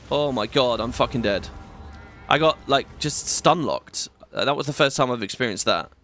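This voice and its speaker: A British gaming YouTuber in his thirties offers casual commentary while playing a video game. His mid-range, fairly bright voice is chatty and rambling, with swearing and many restarts.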